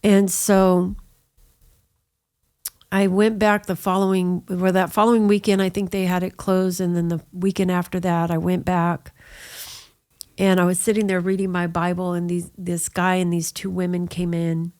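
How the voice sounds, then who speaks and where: Woman, middle-aged, interview guest; flat delivery, casual storytelling full of asides. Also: fairly low pitch, moderate pace, clean tone. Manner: storytelling, with frequent "you know" asides. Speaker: guest sharing her testimony. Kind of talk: conversational personal testimony.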